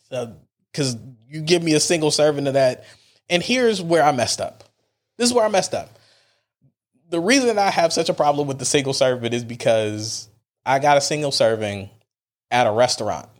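A man hosting a podcast, telling a casual story in an animated, emphatic way with plenty of slang. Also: a little high. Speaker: podcast host.

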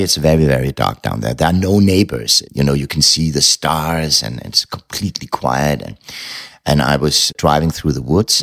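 A middle-aged man, a novelist telling a personal story in an interview, blunt and candid, swearing casually. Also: low-pitched.

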